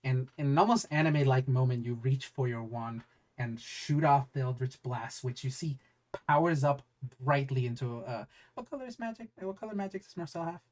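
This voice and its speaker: A man's voice: medium pitch, fairly quick, a little mellow. A man narrating as game master of a tabletop game, rambling and searching for words with many fillers.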